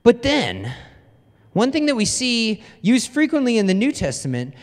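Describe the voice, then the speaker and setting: A man's voice: extremely high pitch, wildly swooping pitch, normal speed. A man preaching a casual, conversational sermon as a pastor, telling stories in a chatty, self-deprecating way. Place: church hall. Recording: long hall reverb.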